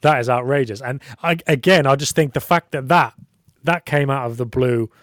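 A man's voice: mid-range voice, moderate pace, no echo. Man, casual rambling podcast chat, dry close-miked sound. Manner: chatty, rambling, self-deprecating. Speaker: podcast co-host.

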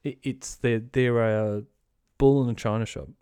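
A man hosting a podcast offers blunt, rambling opinions, swearing frequently and often restarting his sentences. His mid-range voice is steady, dark and clean in tone, and he speaks a little slowly.

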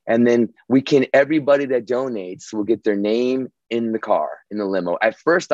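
A man's voice: fairly low pitch, no room sound, muffled recording. A man casually telling a long story, rambling and swearing, with many restarts. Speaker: guest telling his story.

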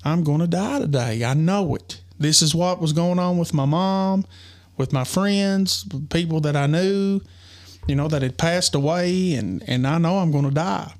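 A man, co-hosting a podcast and telling a personal story in an earnest, halting way full of restarts. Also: on the high side. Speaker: podcast co-host.

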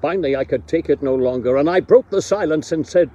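A man's voice: on the high side, fast, mellow. A man delivering a grand, mock-solemn story as a recorded guest message.

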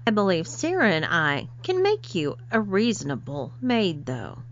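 A woman's voice: lowish voice, big pitch swings, unhurried. Woman voicing a stern, imperious lady of the house. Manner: imperious, cool. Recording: slightly dull lo-fi recording.

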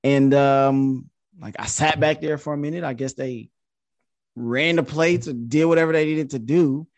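A man in his thirties, a podcast guest, telling a story in a casual, animated way and jumping up in pitch when he quotes himself. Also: moderate pace, no room sound. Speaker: podcast guest, social media influencer.

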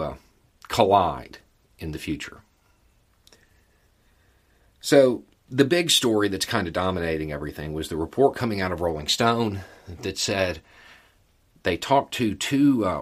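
Husky, deep-voiced man commenting casually. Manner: folksy, conversational, emphatic repetition.

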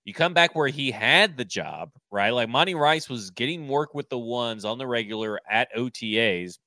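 Bright-voiced blunt sports podcast man. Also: medium pitch, animated, moderate pace, no room sound, clean studio sound. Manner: blunt, opinionated, swears casually. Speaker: podcast co-host. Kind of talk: casual sports talk.

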